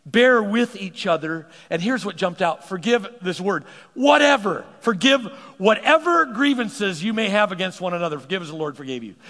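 A man preaching a sermon as pastor, animated and quick to repeat words as he starts a thought. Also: high voice. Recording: long hall reverb.

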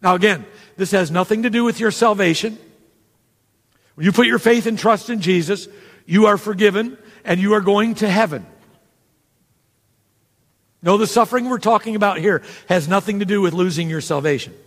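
A man's voice: high-pitched, normal speed, pauses often. A man preaching a sermon in a conversational way, with asides and quoted dialogue. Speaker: pastor. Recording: long hall reverb.

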